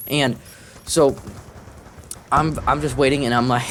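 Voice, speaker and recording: A man's voice: mid-range voice, fairly even intonation, unhurried, fairly bright tone, slight background noise. A man telling a rambling, profane story while playing a video game, often laughing and cursing. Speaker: gaming commentator.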